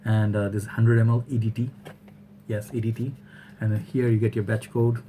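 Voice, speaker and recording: Chatty low-voiced man. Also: flat delivery, moderate pace, noisy background. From Bangladesh. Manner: chatty and rambling, often checks in with "all right?". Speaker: fragrance reviewer. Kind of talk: casual product review vlog.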